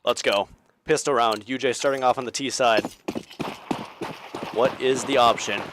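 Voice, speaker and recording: A young man casting an esports match solo, with energetic play-by-play that climbs on big plays. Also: mid-range voice, normal speed, noisy background. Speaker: esports caster. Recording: game gunfire loud under voice. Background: game sound effects and gunfire.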